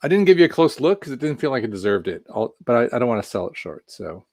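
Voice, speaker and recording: A man's voice: mid-range voice, big pitch swings, quick pace, a little mellow, no echo, clean studio sound. A man casually reviewing a craft beer on a live stream, chatting in a rambling way with self-deprecating asides while reading viewer comments.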